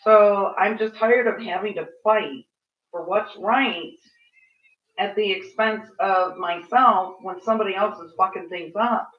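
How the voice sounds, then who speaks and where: A woman's voice: medium pitch, unhurried, dull audio. Frank woman venting, distant roomy sound. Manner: frank, venting, swears freely. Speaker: vlogger. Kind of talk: casual rant.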